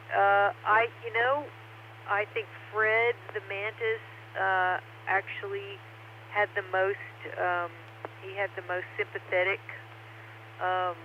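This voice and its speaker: A woman giving hesitant, thoughtful commentary on a ham radio net, with many pauses and restarts. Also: medium pitch, slight background noise. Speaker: net participant. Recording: dull ham radio transmission.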